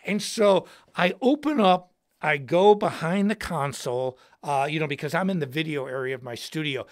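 A man hosting a livestream and telling a story in an excitable, slangy way, shouting words for emphasis. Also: fairly high pitch, moderate pace. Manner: slangy, says dude and bro. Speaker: host and guitarist.

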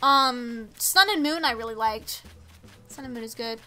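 Teen girl streamer, high bright voice, chatty, reads chat and reacts to game characters. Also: measured pace. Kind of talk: casual live-stream chat while gaming.

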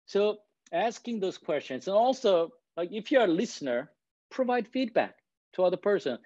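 Speaking at a moderate pace with big swings in pitch, this guest presenter has a high, darkish voice and learned English as a second language. His style is conversational, peppered with "right?" and the odd self-directed chuckle. It's a dry, lo-fi recording.

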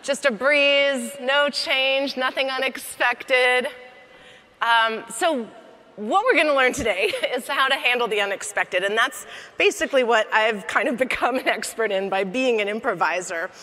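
A woman giving a comedic keynote talk on stage, chatty and lively, laughing between lines. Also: on the high side, normal speed. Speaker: keynote speaker. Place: large hall on stage. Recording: echoey hall reverb.

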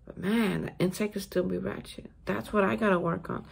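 A woman's voice: medium pitch, steady tone, a little fast, creaky, breathy edge. A woman giving a casual spoken daily reflection on recovery from a hotel room. She talks emphatically and repeats words for stress. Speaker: recovery vlogger.

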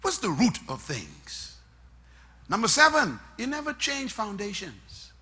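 A man preaching a sermon, emphatic and point by point, swinging between loud bursts and soft asides. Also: sits high, wildly swooping pitch, unhurried, husky.

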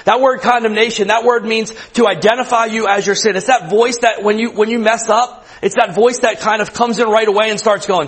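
A man in his thirties with a high, husky voice gives a youth sermon. He preaches conversationally, often repeating a word before finishing a thought and checking in with his listeners. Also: quick pace, hardly any pauses, a bit bright, low-quality recording. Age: 30s. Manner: conversational preaching, repeats words, asks the room questions. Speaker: youth pastor. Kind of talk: sermon to students.

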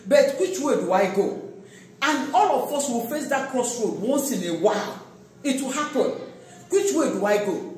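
A pastor preaches an emphatic sermon, pushing out loud calls and then dropping into quiet asides. The voice rings through a large, very echoey church hall and sounds some distance from the mic. A faint hum of room noise sits underneath. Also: mid-range voice.

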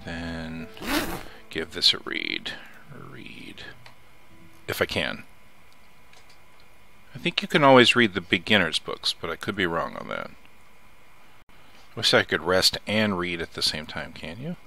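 A man with a low, gravelly voice and a bright, edgy tone chats his way through a survival game. He mutters to himself between actions and swears when something startles him. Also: very animated, slow, long pauses. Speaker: let's play host. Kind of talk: casual gameplay commentary.

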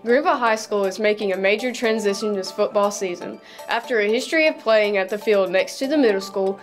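A teenage girl presenting and reporting a student sports segment in a polite, even tone. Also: medium pitch. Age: teens.

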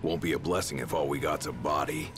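An actor playing a gruff young male warrior companion in a video game, with a gravelly voice. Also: very deep voice, fast talker. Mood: wary. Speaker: game character, party companion. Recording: game audio with loud crowd noise.

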